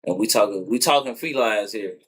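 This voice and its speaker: A man's voice: lowish voice, brisk, a bit bright, breathy edge. A man chatting casually on a livestream from his phone, wistful and full of slang as he rambles.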